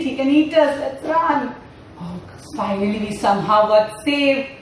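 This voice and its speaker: A woman's voice: a little high, slight background noise. A woman leading a playful sing-along yoga class for parents and babies. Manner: playful, sing-song, coaxing. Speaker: mother-and-baby yoga trainer. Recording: echoey room, far from the mic.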